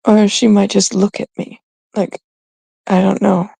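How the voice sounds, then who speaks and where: A woman's voice: mid-range voice, flat delivery, unhurried, creaky, mellow, breathy edge, no room sound. A middle-aged woman with a Canadian accent, hosting a livestream in casual, rambling chat with viewers, cursing freely. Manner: profane and rambling. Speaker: livestream host.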